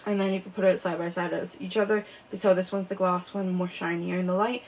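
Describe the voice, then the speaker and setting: Een vrouw die kletsend haarclips presenteert in een livestream. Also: female voice, on the low side, level tone, quick pace, a little hiss or hum, rough recording. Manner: chatty, full of fillers like "um" and "like". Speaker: live shopping host. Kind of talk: casual live product demonstration. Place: indoors with a ring light.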